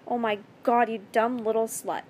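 A woman's voice: a little high, moderate pace, a little hiss or hum, lightly acted. A woman reading a story aloud and voicing a mocking, menacing male captor with a sticky, falsely kind manner. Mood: contemptuous. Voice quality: sticky-sweet mock kindness. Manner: taunting, calm, controlling.

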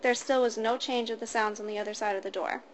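A woman reading a first-person story aloud in a steady, matter-of-fact way. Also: a little high, quick pace. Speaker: narrator.

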